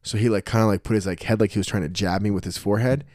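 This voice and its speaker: A young man chatting casually, telling animated stories and acting out what others said. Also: lowish voice, rapid-fire, no echo, studio quality. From New Jersey. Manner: storytelling, animated quoting of others. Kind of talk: casual podcast chat.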